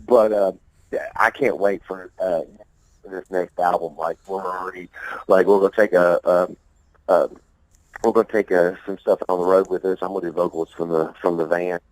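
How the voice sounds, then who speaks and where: A man's voice: low-pitched, fairly even intonation, normal speed, a little mellow, dry recording, low-quality recording. A man being interviewed about his music, talking in a loose, rambling, profane way, often repeating himself and laughing. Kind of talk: casual interview talk.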